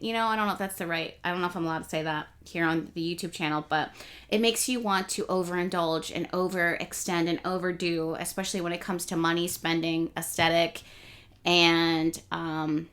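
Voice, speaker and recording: A young woman hosting an astrology channel, talking casually and rambling a little as she explains the week's transits. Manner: chatty, rambling, self-correcting; speeds up and rises in pitch when excited. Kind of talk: casual astrology talk to camera.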